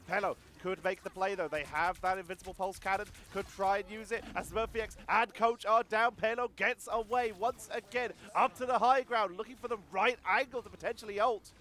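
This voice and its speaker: A man casting a competitive video game match live, giving rapid play-by-play and chatting about viewer comments. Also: high-pitched. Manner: rapid excited play-by-play, talks to chat. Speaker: esports caster.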